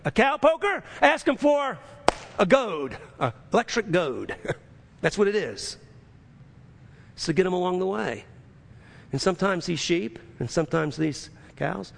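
Guy preaching, kinda high voice with a gravelly edge, keeps throwing questions at the crowd. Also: background noise. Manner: emphatic, rhetorical questions to the congregation. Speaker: pastor. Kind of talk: sermon.

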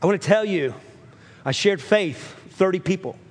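A man's voice: high-pitched, lively intonation, moderate pace. Earnest preacher man in a reverberant hall. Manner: earnest, emphatic, repeats and restarts phrases. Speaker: pastor. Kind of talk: sermon storytelling.

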